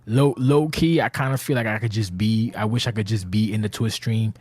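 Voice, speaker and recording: A man with a lowish, a little mellow voice and fairly even intonation speaks fairly quickly in a casual podcast monologue, seated indoors. As community leader of an online wrestling game league, he sounds tired and anxious, rambling, swearing, and interrupting himself.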